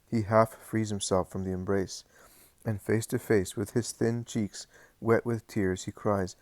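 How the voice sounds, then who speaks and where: A man reading a religious story aloud in measured, earnest narration. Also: fairly low pitch, little pitch movement, darkish tone, dry recording. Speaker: audiobook reader. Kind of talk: scripted narration.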